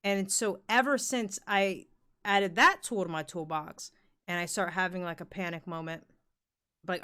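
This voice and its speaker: A woman's voice: on the low side, steady tone, unhurried, pushed and bright, clean tone. A young woman co-hosting a podcast in casual chat, talking candidly, swearing freely and leaning on "like" a lot. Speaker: podcast co-host.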